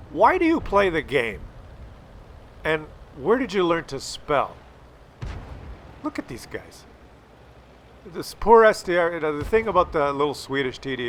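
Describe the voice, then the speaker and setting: Animated, sarcastic male game commentator. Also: a little high, a little hiss or hum. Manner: sarcastic, mocking, swears freely. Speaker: gameplay commentator.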